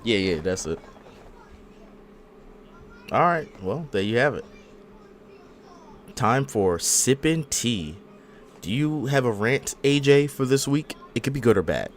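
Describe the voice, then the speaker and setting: A man's voice: mid-range voice, big pitch swings, normal speed, long pauses. A man hosting a casual gaming podcast, telling stories in a laid-back, slangy way. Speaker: podcast host.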